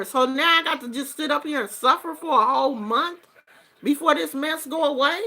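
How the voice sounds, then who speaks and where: A woman hosting a show and chatting casually through a story, animated and acting out everyone's lines. Her voice is bright and a little high. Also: normal speed. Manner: animated, acts out quotes. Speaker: host.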